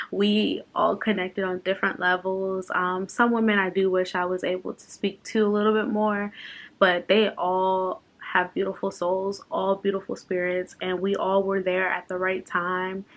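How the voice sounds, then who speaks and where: A woman's voice: mid-range voice, a bit bright. Emotional young woman vlogging. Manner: emotional, tearful at times, laughing. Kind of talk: unscripted personal vlog chat.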